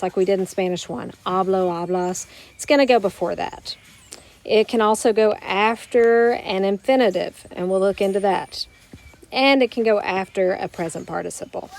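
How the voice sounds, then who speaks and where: A woman teaching a Spanish grammar lesson to her students, explaining step by step and slowing down to model each Spanish word. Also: medium pitch, darkish tone. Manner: patient, explanatory, slows down to model Spanish words. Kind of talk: recorded classroom grammar lesson.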